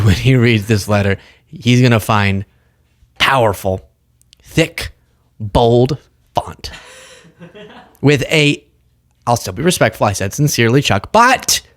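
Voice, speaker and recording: A man's voice: medium pitch, close to an everyday voice. A man putting on a blustering older male senator who boasts with mock pomposity about a sternly worded letter.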